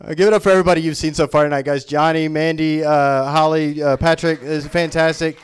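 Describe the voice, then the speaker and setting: A man's voice: a little high, fairly even intonation, brisk, smooth. A man from Memphis, doing live stand-up on stage in a small venue, rambling energetically and laughing at his own jokes. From Memphis, Tennessee. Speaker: stand-up comedian.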